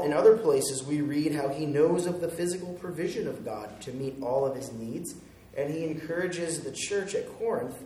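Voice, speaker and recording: A man's voice: on the high side, dark tone, a little hiss or hum. Pastor, male, conversational sermon delivery with light humor; room echo, distant mic. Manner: conversational, chuckles at his own jokes.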